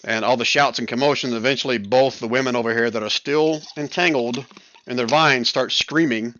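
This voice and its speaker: A man narrating and running an online tabletop role-playing game as game master, relaxed and chuckling. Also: lo-fi sound. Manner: relaxed, chuckling, voices the crowd in quick high bursts. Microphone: headset or desk mic on voice chat.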